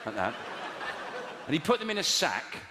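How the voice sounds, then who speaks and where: Performing stand-up for a live audience, a man from England speaks at a moderate pace in a slightly high, sing-song voice. He rambles, corrects himself, and feigns outrage while bantering with the crowd in an echoey hall full of noise.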